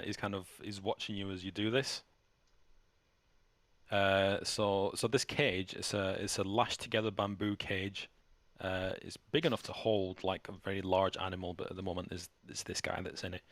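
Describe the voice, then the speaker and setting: Low-voiced halting game master man. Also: fairly even intonation, a bit bright, no echo. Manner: halting, with many restarts, voices characters in a higher pitch. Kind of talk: narrating a tabletop game.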